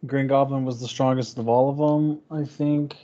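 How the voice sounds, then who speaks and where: A man's voice: medium pitch, fairly even intonation, moderate pace, dark tone. Young man, casual chat, laid-back, brief, lo-fi sound. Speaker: podcast co-host. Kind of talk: casual movie review chat.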